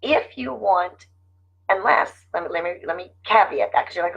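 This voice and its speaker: A woman's voice: fairly low pitch, animated, fairly quick, gravelly, slightly rough. A middle-aged woman giving casual, earnest life-coaching talk to her viewers, often repeating her phrases. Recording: dull lo-fi sound.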